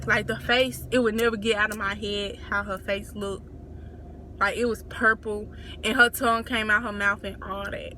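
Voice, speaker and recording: A woman's voice: mid-range voice, little pitch movement, moderate pace, pushed and bright, slight background noise. A young woman sharing a family story in a casual storytime, in a plain, matter-of-fact way. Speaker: co-host sister.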